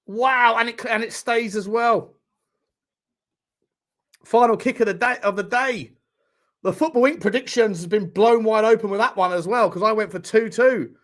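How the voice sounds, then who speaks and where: A man hosting a live football watchalong stream, reacting to the chat in an excitable, sweary way with bursts of laughter. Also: sits high, moderate pace.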